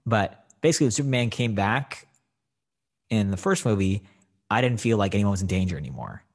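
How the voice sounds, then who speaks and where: A man with a low, husky voice talking casually about a movie. He rambles and leans on filler words, a touch rough around the edges. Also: lively intonation, a little fast. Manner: rambling, filler-heavy, frequent "like". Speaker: film discussion co-host. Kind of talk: casual chat.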